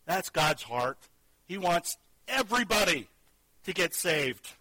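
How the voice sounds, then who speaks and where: A man preaching a sermon with a bright, forceful tone and a voice pitched a little high. He is earnest, rising to loud emphasis and then dropping to a hushed, intimate level. The sound is close and dry. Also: sing-song, takes it slowly, dry recording, low-quality recording. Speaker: pastor.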